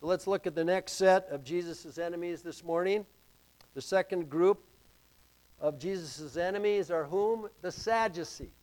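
A man preaching a sermon to a congregation, slow and emphatic, with dramatic rises in pitch and volume. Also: a little mellow. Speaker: pastor.

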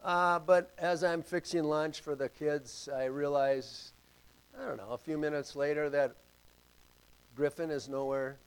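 An older man preaching a sermon and telling a personal story, moving from loud calls to hushed asides. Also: fairly high pitch, fairly even intonation, unhurried, smooth, rough recording.

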